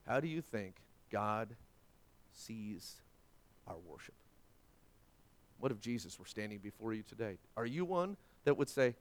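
A middle-aged man preaching a sermon as pastor, swinging between hushed lines and loud, dynamic delivery. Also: lowish voice, animated, measured pace, long pauses.

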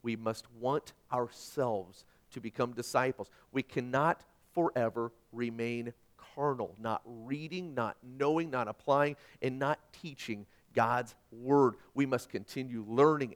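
A middle-aged man preaching a sermon as pastor, emphatic and repetitive, moving between loud and quiet. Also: mid-range voice, unhurried, hardly any pauses.

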